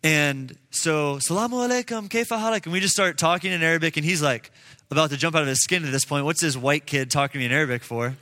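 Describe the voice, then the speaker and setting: A man's voice: fairly high pitch, steady tone, fast, sharp tone. A man in his twenties giving a casual, earnest testimony to a group, with many fillers. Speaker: speaker addressing a group. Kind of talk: personal testimony and preaching. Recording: long reverb in a large room.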